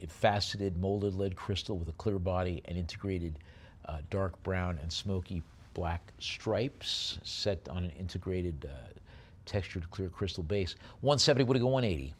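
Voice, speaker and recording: A lower-voiced man running a live auction. He rattles off bid calls in a rapid chant, then slows down to describe each item. He sounds like an auctioneer at work.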